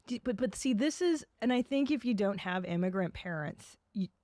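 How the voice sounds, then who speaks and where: A woman's voice: medium pitch, expressive, a little mellow, dry recording, clean studio sound. A woman from Eastern Europe hosting a chat, eager and profane, egging her guest on. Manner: eager, profane, quick to laugh along. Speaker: host. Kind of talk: casual chat.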